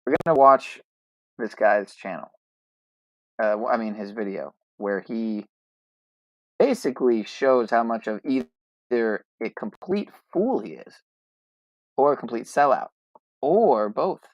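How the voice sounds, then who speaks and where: A man's voice: mid-range voice, animated, a little slow, pauses often, dry recording, muffled recording. A man hosting a podcast in casual chat, rambling and hesitant, often restarting his words. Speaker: podcast host.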